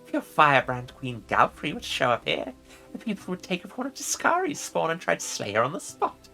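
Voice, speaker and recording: A man's voice: fairly high pitch, huge pitch swings, fairly quick, creaky, sharp tone, soft background music, pitched above the performer's own voice, full character voice. A man voicing an airy, otherworldly female demon who sounds insect-like and mocking.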